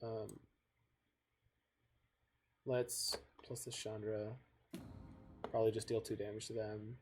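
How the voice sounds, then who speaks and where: A man's voice: on the low side, level tone, slow, husky. A man from Canada chatting casually while he plays a card game on stream and thinks aloud. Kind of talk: casual gameplay chat.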